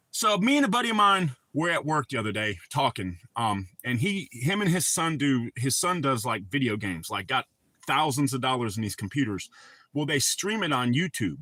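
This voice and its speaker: A man's voice: medium pitch, bright, forceful tone, dry recording. A middle-aged man hosting a laid-back morning live chat from home, rambling and swearing freely. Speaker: live stream host. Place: at home with his dogs.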